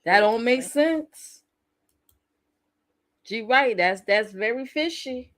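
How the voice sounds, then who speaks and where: A woman's voice: a little high, lively intonation, slow, a bit bright. A woman hosting a casual commentary channel, talking bluntly and candidly and often laughing as she reacts. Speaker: YouTube commentary host.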